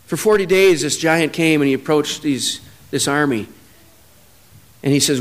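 A man tells a personal story while preaching a sermon, talking a little fast. He moves between low, quiet passages and loud, emphatic high points.

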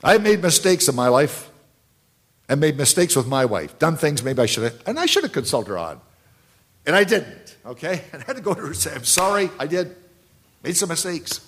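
A man around seventy preaching a sermon, telling anecdotes and repeating key phrases, swinging between loud and hushed delivery. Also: on the high side, very animated, brisk.

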